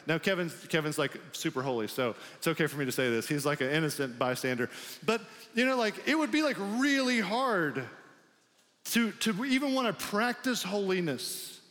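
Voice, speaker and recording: A man's voice: high voice, expressive, moderate pace, fairly bright tone, in a large hall. A male pastor preaching a sermon in a loose, conversational way, with many filler "like"s.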